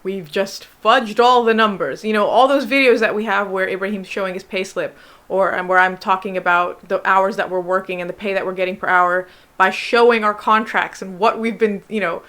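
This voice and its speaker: A woman's voice: medium pitch, fairly even intonation, brisk, a bit bright. A young American woman with a general American accent, a doctor and vlogger chatting to camera, answering claims with exasperated sarcasm. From United States. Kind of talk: casual chat to camera.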